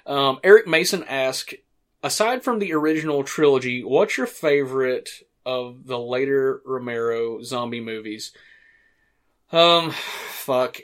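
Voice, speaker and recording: Male podcast host, casual commentary, rambling delivery, mid-pitched voice, swears casually. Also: unhurried, fairly bright tone. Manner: rambling, frequent restarts and fillers, casual swearing. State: hiccups.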